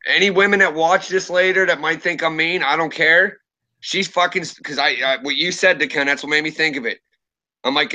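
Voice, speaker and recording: A man with a very bright, sharp voice pitched a little high, chatting casually on a stream. He swears freely and acts out his own heated lines as he tells the story. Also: a little fast. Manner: profane, animated storytelling, quotes himself heatedly. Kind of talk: casual chat.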